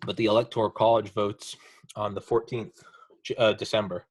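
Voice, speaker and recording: A man's voice: fairly low pitch, moderate pace, husky, no room sound. A man hosting a podcast in casual chat, riffing sarcastically with a lot of swearing. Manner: animated, swearing, sarcastic riffs. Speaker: podcast host.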